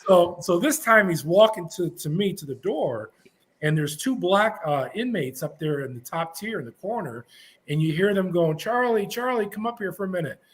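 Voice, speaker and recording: Man, middle-aged, high voice, animated storyteller, blunt, former prison officer. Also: moderate pace, slight background noise. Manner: vivid, blunt anecdotes with frequent restarts.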